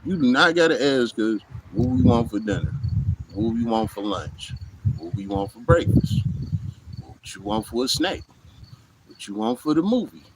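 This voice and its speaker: Speaking casually to camera outdoors in hot weather, a male vlogger is blunt and profane, often asking "you know what I'm saying." His mid-range voice swings widely in pitch at a moderate pace, with vocal fry and background noise.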